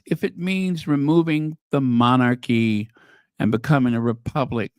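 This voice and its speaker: A man's voice: mid-range voice, moderate pace, no room sound, studio quality. A man hosting a commentary channel, reading news headlines aloud and reacting to them with casual, opinionated asides.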